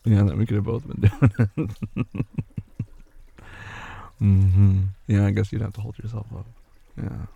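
A caring young boyfriend, played by a man, talks slowly and gently in a deep, gravelly voice, reassuring and softly teasing his sleepy partner. The voice is husky and dark, in a slightly dull lo-fi recording of a boyfriend role-play audio. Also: flat delivery, dry recording, heavily acted. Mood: tender.

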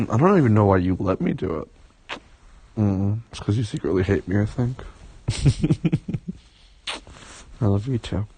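A young man in an intimate boyfriend role-play, talking in a relaxed, teasing, affectionate way with many soft hums, as if in bed. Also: fairly low pitch, vocal fry, breathy edge, dry recording. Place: bed, indoors.

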